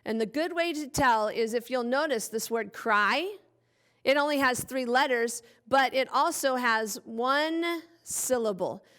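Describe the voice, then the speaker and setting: A woman teacher with a fairly high voice leads a phonics lesson for small children. She talks slowly and draws out her words in a playful, exaggerated way, as if acting for a young class. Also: fairly bright tone.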